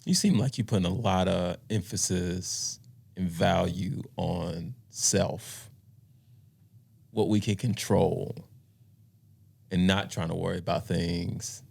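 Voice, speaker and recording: A man's voice: sits low, steady tone, slow, vocal fry, darkish tone, breathy edge. A man hosting a podcast who asks questions and encourages his guest with affirming replies. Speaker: podcast host. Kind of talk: casual chat.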